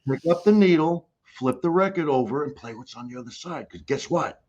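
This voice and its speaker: Man, middle-aged, husky voice, emphatic motivational coach, repeats phrases, dull lo-fi audio. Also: on the high side, lively intonation, fairly quick, a little mellow. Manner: emphatic, repeats key phrases for effect, blunt and casual. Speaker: guest life coach. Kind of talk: motivational talk on a video call.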